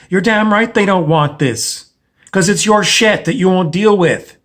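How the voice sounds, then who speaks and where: A man lectures in a blunt, confrontational monologue and swears freely. His voice sits somewhat high for a man. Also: a little slow, a bit bright. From Canada. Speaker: self-help speaker.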